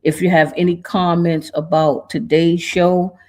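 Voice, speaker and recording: A woman's voice: lowish voice, level tone, a little slow, mellow. A woman hosts her podcast in a heartfelt monologue, earnest and casual with loose informal slang. She is holding back tears as she speaks. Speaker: podcast host.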